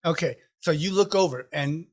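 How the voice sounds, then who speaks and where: A man running a tabletop game with a high voice, animated and quick to laugh. He tells the fight blow by blow, often repeating words as he goes. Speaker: game master.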